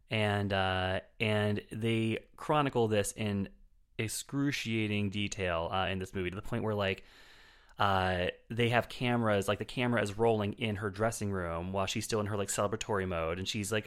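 Low, smooth-voiced man chatting casually. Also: moderate pace, a bit bright. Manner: rambling, many fillers and restarts. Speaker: podcast film reviewer. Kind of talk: casual chat.

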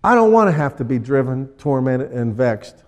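A man preaching a sermon as pastor, acting out people in little scenes with lively energy. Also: medium pitch, moderate pace, long reverb tail. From USA.

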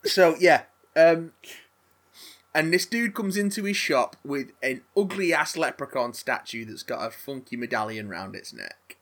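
A man recapping a film in casual chat, rambling with halting restarts and frequent laughs. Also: on the high side, lively intonation, a bit bright. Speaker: podcast co-host recapping a film.

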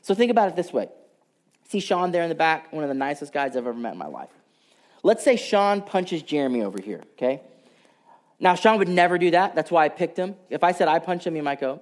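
A man's voice: on the high side, very animated, fast talker. Man preaching a sermon. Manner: storytelling with shifts between loud and hushed delivery. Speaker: pastor.

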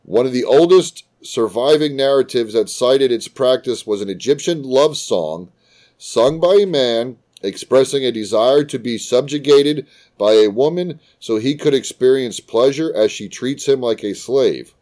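A man's voice: medium pitch, a little slow, warm tone. A man hosting a podcast, chatting casually and reading notes, often stumbling and repeating words. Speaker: podcast host.

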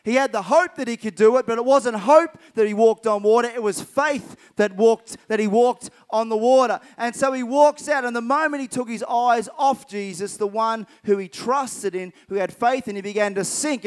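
A man delivers a sermon in a strikingly high, clear and smooth voice. He retells scripture stories with lively emphasis and repeats key phrases to drive his message home. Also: normal speed, hardly any pauses. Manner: retells Bible stories vividly, acting out characters' lines. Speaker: preacher.

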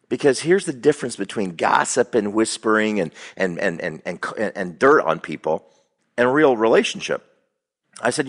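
Animated husky man telling stories. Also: mid-range voice, moderate pace. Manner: animated storyteller, acts out quoted voices. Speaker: co-host. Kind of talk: casual radio chat.

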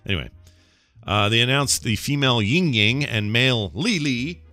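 A middle-aged man co-hosting a casual podcast, telling stories and ranting in an animated way. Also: medium pitch, normal speed, no room sound, soft background music. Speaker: podcast co-host. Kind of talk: casual chat.

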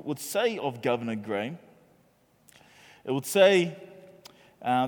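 A male pastor delivers a sermon in a large church auditorium, his fairly high voice trailing off into a long reverb. He calls on the congregation to answer him and lifts his voice on the key points. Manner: call-and-response preaching, grows loud on key points.

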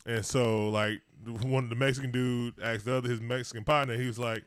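A man's voice: medium pitch, little pitch movement, brisk, smooth, no room sound. Laid-back slangy man in a dry room. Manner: loose, slangy, laughing often. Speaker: podcast co-host. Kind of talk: casual chat.

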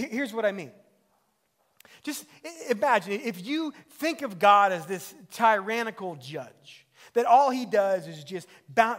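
A man's voice: sits high, a bit bright. A middle-aged man, a pastor, preaching a sermon in a conversational way that rises to emphatic peaks.

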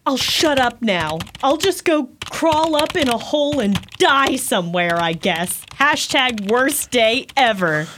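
A woman's voice: high voice, lively intonation, a little slow, hardly any pauses, background noise. A woman reading the part of a melodramatic woman crying over an insult to her dog, whiny and overwrought. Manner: whiny, overwrought sobbing complaint.

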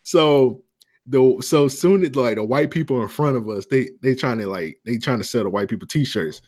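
A man's voice: mid-range voice, normal speed, a little mellow. A man co-hosting a podcast, telling stories in loose slangy casual banter and laughing often. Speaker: podcast co-host.

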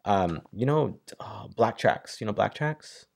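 A man in his thirties from Northern California, chatting casually and telling animated stories with casual swearing. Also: on the low side, a little slow, vocal fry. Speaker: guest. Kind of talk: casual chat.

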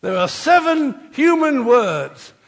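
A man's voice: very high voice, big pitch swings, slow, gravelly, long reverb tail. An older man preaching an Easter sermon, rousing and leading the congregation in call-and-response.

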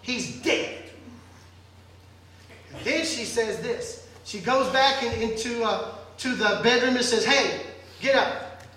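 A pastor preaching a sermon in a church hall, telling the story in a lively, joking way. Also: male voice, very high voice, slow, long pauses, a little hiss or hum. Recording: echoey hall, distant mic.

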